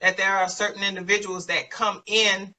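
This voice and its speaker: A woman's voice: mid-range voice, little pitch movement, moderate pace, bright, forceful tone, distant mic, rough recording. A woman hosting a live online show, emotional and effusive, thanking guests and announcing an event. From San Antonio, Texas. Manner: emotional, effusive, laughs often. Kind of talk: live-stream chat and announcements.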